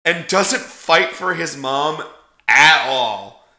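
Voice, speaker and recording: A man co-hosts a casual movie review chat with a bright, forceful voice. He talks in an animated, profane way and acts out character lines mid-sentence. The sound bounces around an echoey room. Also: a little high, drawn-out words. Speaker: podcast co-host.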